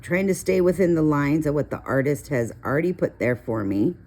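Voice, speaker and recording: Middle-aged woman, deep speaking voice, relaxed chatty host who drifts into long personal stories. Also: a little fast. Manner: chatty, storytelling, rambling asides. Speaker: coloring video host. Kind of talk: casual coloring tutorial chat.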